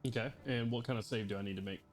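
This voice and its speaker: A man running a tabletop game as game master, brisk and orderly as he calls turns and rolls. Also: medium pitch, fairly even intonation.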